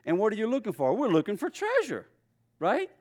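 A man's voice: high voice, fairly quick. Chatty storytelling male preacher. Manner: storytelling, conversational, lively voice swings. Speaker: pastor. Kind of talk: sermon.

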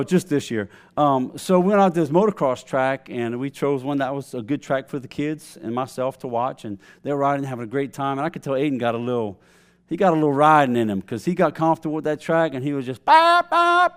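In a clear, resonant, mid-range voice with a darkish tone, a male pastor in his thirties preaches by recounting a family story. Along the way he calls out to his congregation.

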